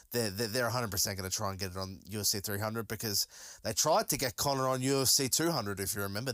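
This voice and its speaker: A man's voice: lowish voice, a bit bright, smooth, dry recording. A man hosting a solo podcast, talking casually and enthusiastically, rambling with many fillers and restarts. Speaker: podcast host.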